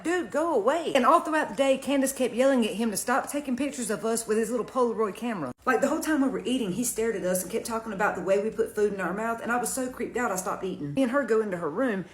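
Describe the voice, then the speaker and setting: A woman tells a personal story at a quick clip. Her voice sits a little high. She is frank and chatty, with an indignant edge. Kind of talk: storytime narration.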